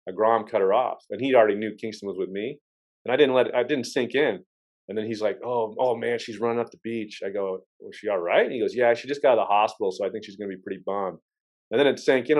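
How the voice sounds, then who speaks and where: A man's voice: on the low side, a little mellow, rough recording. A man hosting a podcast, telling stories in a rambling, casual way with frequent restarts and the odd curse word. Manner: rambling storyteller with many restarts and swearing. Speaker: podcast host. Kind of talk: casual chat.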